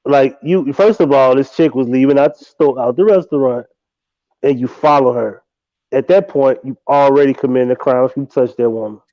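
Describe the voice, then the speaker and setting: A man's voice: mid-range voice, normal speed, warm tone, no echo, dull audio. A man co-hosting a livestream, arguing his points bluntly and with profanity. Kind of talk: casual chat.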